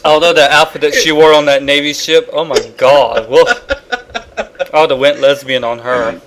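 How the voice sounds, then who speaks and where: Man, highish voice, gossipy crude chat, heavy background noise. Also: little pitch movement, moderate pace. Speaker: podcast co-host. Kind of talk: casual chat.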